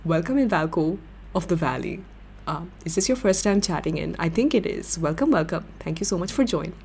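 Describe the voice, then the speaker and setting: A young woman hosting a livestream, chatting with viewers in an excitable, giggly way. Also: fairly low pitch, fairly quick, creaky, slight background noise. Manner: excitable, giggly, gushing fan talk. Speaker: livestream host. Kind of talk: casual chat with viewers.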